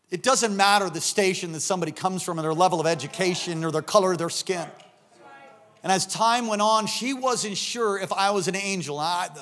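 Animated middle-aged preacher man, higher voice. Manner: animated, acts out voices in anecdotes, rising to shouts. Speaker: pastor. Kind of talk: sermon with storytelling.

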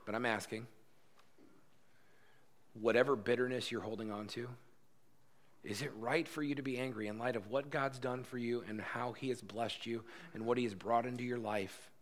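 Earnest lower-voiced man preaching. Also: a bit bright. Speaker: pastor. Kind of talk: sermon. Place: church.

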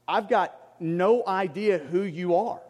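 A nervous, stammering male professor, put on by a preacher in a lower voice than his own. He falters over his words, and long reverb rings behind him as in a large hall. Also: slow, darkish tone. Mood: irritated. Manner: stammering, hesitant.

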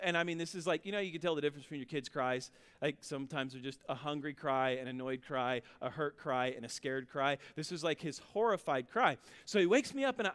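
A man's voice: fairly high pitch, a bit bright. A man in his thirties preaching a conversational sermon, telling family stories and building to emphatic repetition. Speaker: pastor. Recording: long hall reverb.

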